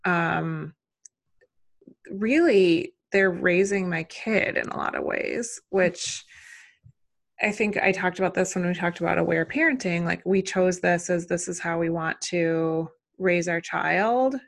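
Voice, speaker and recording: A woman in her thirties with a fairly low voice that has a gravelly, fry-edged texture. She talks casually and loosely, circling her thoughts with fillers and self-questioning as she chats about raising her child. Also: unhurried. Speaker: mother and podcast guest. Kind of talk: casual conversation.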